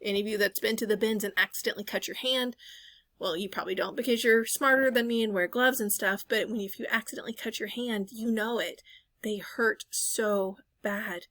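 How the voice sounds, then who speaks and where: A bright, forceful woman in her thirties talks through a thrift haul as a voice-over. She rambles in a friendly way, corrects herself mid-sentence and drops fillers. The sound is dry and close, with no room around it. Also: mid-range voice, steady tone, brisk, no echo. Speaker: reseller vlogger. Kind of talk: casual voice-over chat.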